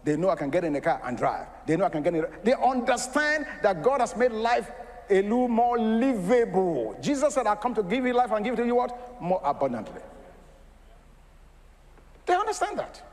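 A man preaching with a high, lively voice that swoops up and down. He throws rhetorical questions at his listeners and laughs between points. His voice rings with the long reverb of a large hall. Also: a little fast. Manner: animated, laughing asides, rhetorical questions to the congregation. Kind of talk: sermon.

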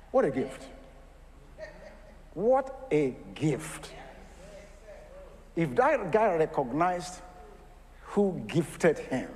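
A man's voice: mid-range voice, big-room sound, slight background noise. A man preaching a sermon. He asks the congregation rhetorical questions and breaks into laughing asides.

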